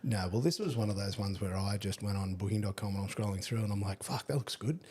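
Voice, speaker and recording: Talking fast in a fairly low, dark-toned voice, an Australian man co-hosts a podcast over beers, relaxed as he spins travel tales and drops the occasional swear word. A little hiss or hum sits in the recording.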